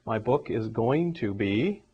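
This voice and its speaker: A man's voice: medium pitch, expressive, slow pace, slightly rough. A man teaching a grammar lesson, walking through numbered examples one step at a time. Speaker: English teacher. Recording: dull lo-fi recording.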